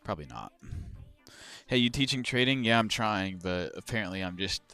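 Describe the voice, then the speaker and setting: Young man streamer, low-voiced and swearing. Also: animated, normal speed, smooth, faint music behind. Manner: frustrated, swearing, rambling, bursts of loud outrage. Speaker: crypto trading streamer. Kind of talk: casual live-stream chat.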